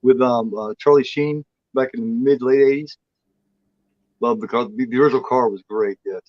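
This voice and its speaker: At a normal speed and medium pitch, the man co-hosting this horror movie chat show rambles, swears freely, and slips into a playful drawl to voice the cat. There's no echo, though the high frequencies are cut off.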